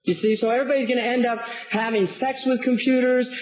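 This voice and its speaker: A man, an Islamic scholar, giving a public lecture and answering audience questions, animated and sarcastic, often repeating words as he builds a point. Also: very high-pitched, quick pace. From United States. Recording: roomy, dull lecture hall recording.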